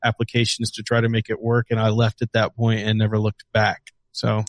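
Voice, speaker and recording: A man's voice: lowish voice, monotone, brisk, dry recording. A man co-hosting a podcast, talking tech in a rambling, opinionated way with lots of fillers. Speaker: podcast co-host. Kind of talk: casual tech chat.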